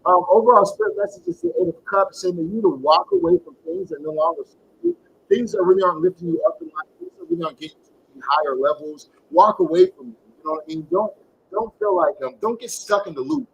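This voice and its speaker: High, gravelly man giving tarot readings. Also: very animated, fast, fairly bright tone, muffled recording. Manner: slangy, encouraging, calls viewers baby. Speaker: tarot reader. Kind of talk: live-streamed tarot reading.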